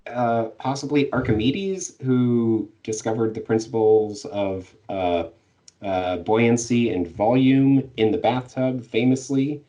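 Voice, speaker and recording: A man's voice: medium pitch, takes it slowly, mellow, far from the mic, dull audio. A man co-hosting a casual book discussion, laughing often and hesitating with fillers. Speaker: podcast co-host.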